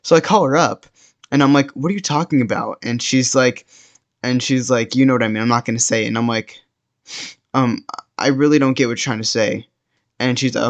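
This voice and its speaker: A teenage boy telling a personal story in a casual, rambling way, full of fillers and restarts. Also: mid-range voice. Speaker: storytime vlogger.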